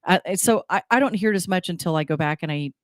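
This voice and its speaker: A woman's voice: fairly low pitch, fast talker, dry recording, clean studio sound. A woman co-hosting a radio talk show, with a light New Jersey accent, chatting casually and laughing often. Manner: chatty, laughs often, trails off mid-sentence. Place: radio studio.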